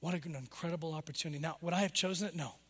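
A middle-aged male pastor preaches with a notably high voice that climbs for emphasis and then drops to a soft low murmur. His words ring out with a long reverb, as in a large church sanctuary. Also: rapid-fire. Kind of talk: sermon.

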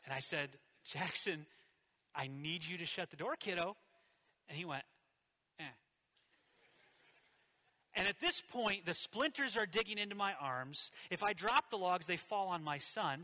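A high-pitched male pastor, around his thirties, preaches from the pulpit and recounts something from his own life. He moves animatedly between booming and hushed moments.

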